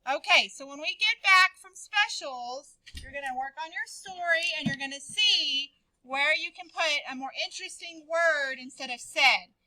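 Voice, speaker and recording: A woman's voice: sits high, moderate pace, few pauses, pushed and bright, no room sound, rough recording. A woman teaching a writing lesson to a class, calling on students by name and encouraging them.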